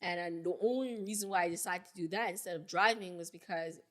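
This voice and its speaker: Speaking fast in a lowish voice, a podcast co-host in her twenties rambles chattily through her stories during a casual conversation.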